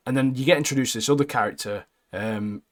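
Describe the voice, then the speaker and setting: A man co-hosting a casual podcast about anime, chatty and quick to laugh, with a young son. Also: medium pitch. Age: adult with a young son. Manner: chatty, laughs often, animated impressions of characters. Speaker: podcast co-host.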